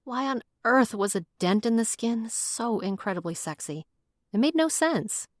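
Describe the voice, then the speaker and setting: A woman narrating a first-person audiobook in a wry, expressive way, on a close studio mic. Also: fairly high pitch, a little slow, no room sound.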